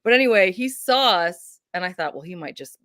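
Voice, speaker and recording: A woman's voice: mid-range voice, fairly quick, no echo, clean studio sound. A woman in her thirties hosting a casual video chat, telling stories with laughs and acted-out voices. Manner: animated storyteller, acts out voices with laughs. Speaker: host.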